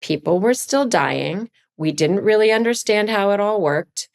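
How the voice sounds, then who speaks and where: A middle-aged woman from Virginia, a podcast guest, chatting casually and telling animated stories, leaping up in pitch for quoted lines. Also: unhurried, vocal fry. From Virginia, USA. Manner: animated storyteller, jumps high for quoted lines. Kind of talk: casual chat.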